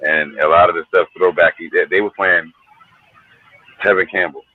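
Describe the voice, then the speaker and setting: A man's voice: sits low, steady tone, normal speed, phone-quality sound. A middle-aged man from New Jersey, a hip hop artist telling stories in a laid-back, slangy, profane way. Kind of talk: casual storytelling interview.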